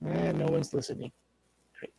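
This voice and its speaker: A man's voice: moderate pace, dark tone, rough recording. A man co-hosting a casual podcast over a call, laid-back with dry short replies, his voice sounding robotic from a bad connection. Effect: robotic-sounding connection glitch. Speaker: podcast co-host. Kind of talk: casual chat.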